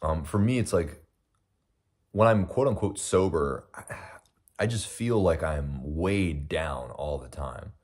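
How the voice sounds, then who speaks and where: A man's voice: rumbling low, slow pace, darkish tone. A young American man hosting a casual livestream, eating breakfast while he reads and answers viewer comments in a rambling, reflective way with many fillers. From United States. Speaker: livestream host.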